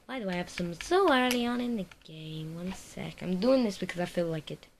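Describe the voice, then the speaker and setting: A person giving rambling, giggly let's play commentary while playing at a home computer. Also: female voice, fairly low pitch, animated, normal speed. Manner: rambling, giggly, silly chatter. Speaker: gaming video creator. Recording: noisy recording with keyboard clicks.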